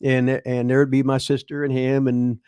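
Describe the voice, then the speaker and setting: A man's voice: medium pitch, monotone, normal speed, darkish tone, clear, resonant tone, dry recording, clean studio sound. A man in his seventies from Indiana, hosting and telling rambling, profane stories from his past. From Indiana, USA. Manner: profane, rambling anecdotes full of restarts. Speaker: show host telling stories. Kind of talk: casual storytelling chat.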